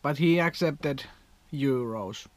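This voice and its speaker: Slow-talking Finnish man, rambling vlog. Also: mid-range voice, no echo. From Finland. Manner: rambling, chatty storyteller with non-native grammar. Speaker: vlogger. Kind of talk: casual vlog chat.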